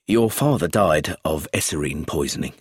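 A man's voice: very deep voice, lively intonation, moderate pace, husky, dry recording, studio quality, voice pushed down, heavily acted. A man voicing a polite, methodical police inspector in a read story, speaking in a businesslike way.

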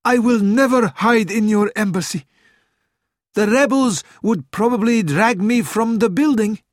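Male reader doing a sad young prince: lifted pitch, slow, earnest, dry close mic. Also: lively intonation, no room sound, exaggerated voice. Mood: troubled. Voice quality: earnest, pleading. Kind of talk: audiobook reading.

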